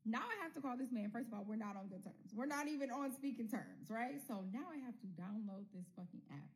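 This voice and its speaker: A woman's voice: on the high side, animated, fast, hardly any pauses, rough recording. A woman telling a personal story casually, bluntly, with swearing, talking straight to her viewers and acting out the people in it.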